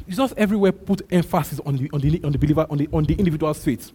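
A man's voice: fairly high pitch, racing, few pauses, warm tone, slightly rough. A male pastor preaching a sermon, emphatic and repetitive, calling out to his congregation. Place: church. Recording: long hall reverb.

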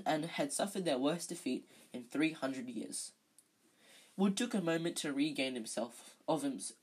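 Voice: medium pitch, husky, poor audio. An amateur reader reading a children's novel aloud, unpolished, often stumbling and correcting themselves. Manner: unpolished, frequent slips and self-corrections.

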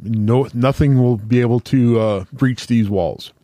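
A man's voice: mid-range voice, unhurried, mellow, dry recording, natural voice. A man voicing a boastful giant who offers to build walls, matter-of-fact and confident.

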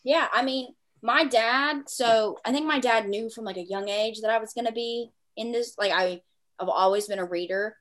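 A woman's voice: a little high, normal speed, a bit bright. Chatty woman podcast host. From small town. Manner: chatty, lots of "like" fillers, laughs easily. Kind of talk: casual chat.

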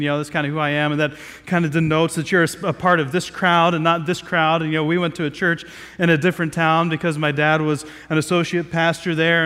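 A man's voice: a little high, pushed and bright, in a large hall. A man from Southeast Ohio preaching a sermon in a conversational way, with many fillers and restarts, gathered outdoors in a square.

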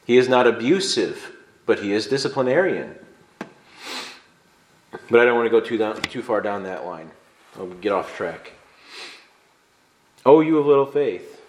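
A male pastor from Illinois delivers a sermon in a conversational, emphatic way that builds into fervent stress. His voice sits at an ordinary middle pitch. The church room around him rings with a noticeable echo. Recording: echoey room.

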